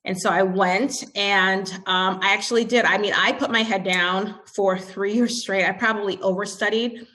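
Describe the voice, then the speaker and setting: A woman's voice: medium pitch, fairly even intonation, normal speed, sharp tone. A woman in her forties, a company CEO, speaking to an audience and telling a candid story about her career, acting out bits of dialogue along the way.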